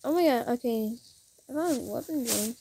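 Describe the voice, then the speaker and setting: A young gamer giving rambling let's-play commentary who often restarts sentences and breaks into excited bursts. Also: medium pitch, moderate pace, vocal fry, a little hiss or hum. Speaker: gamer narrating his own play.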